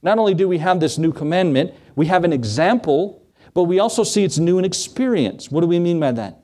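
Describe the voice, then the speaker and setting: A middle-aged man preaching a sermon in a slightly raised voice. He swings his pitch and pace widely as he acts out Bible scenes. He speaks from the pulpit. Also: lively intonation, brisk, mellow. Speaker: pastor.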